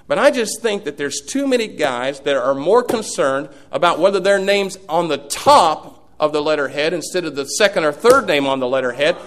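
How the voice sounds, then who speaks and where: A middle-aged man preaching a sermon as pastor, folksy, swinging from loud peaks to hushed asides. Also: high voice.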